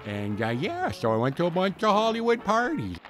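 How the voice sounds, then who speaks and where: A man's voice: high voice, huge pitch swings, fairly quick, fairly bright tone, faint music behind, full character voice. A man playing a folksy, rambling storyteller, filling his comic tall tale with slang and fillers. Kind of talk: comic character monologue.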